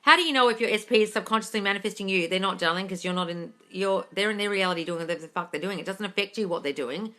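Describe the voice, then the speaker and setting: A woman's voice: mid-range voice, very fast, hardly any pauses, a bit bright. A woman hosting a live question-and-answer stream as a coach, blunt and emphatic, swearing freely as she answers viewers. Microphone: phone or computer mic for a live stream.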